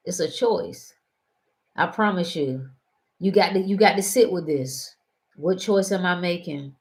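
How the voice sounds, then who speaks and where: A woman hosting a casual talk show, animated and prone to laughing and wandering into stories. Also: on the low side, a little slow. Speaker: host. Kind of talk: casual chat.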